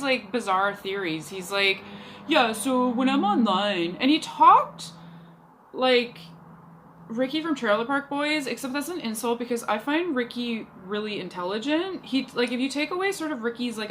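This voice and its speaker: Young woman venting about a date, lots of "like", bright clear voice, slightly high, faint hum behind. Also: expressive, normal speed, rough recording. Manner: chatty, exasperated, heavy use of "like". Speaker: vlogger. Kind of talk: casual storytelling rant.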